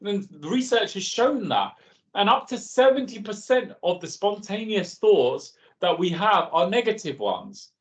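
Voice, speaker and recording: A man's voice: high voice, measured pace. A man leading an online workshop in a chatty, conversational way and calling on participants by name. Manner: lively and conversational, calls on participants. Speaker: workshop facilitator.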